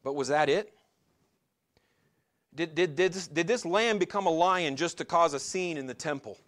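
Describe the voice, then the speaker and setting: A male pastor in middle age preaches in a fairly high voice. He talks to the congregation as if chatting, puts question after question to them, and drags out the lines he wants to land. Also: fairly bright tone. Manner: conversational preaching with rhetorical questions and slowed emphatic lines. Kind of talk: sermon.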